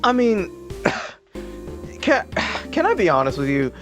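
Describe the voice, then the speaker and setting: A man's voice: high-pitched, huge pitch swings, slow pace, soft background music. A man ranting in casual political commentary, sarcastic, profane and exasperated.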